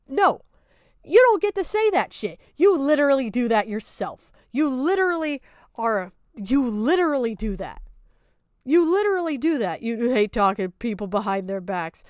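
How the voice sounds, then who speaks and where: A young woman vents on her stream in a high, piercing voice, swearing freely and circling back to the same complaint. The sound is dry, with no room echo. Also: big pitch swings, moderate pace. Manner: heated, profane, repeating her points. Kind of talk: angry reaction rant.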